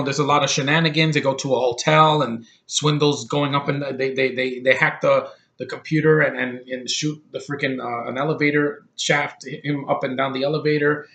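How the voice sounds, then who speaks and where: A man's voice: mid-range voice, fairly even intonation, gravelly, a bit bright. A man giving a casual, rambling movie review, blunt and opinionated, swearing freely and stumbling over fillers and restarts. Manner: halting, with many fillers and restarts.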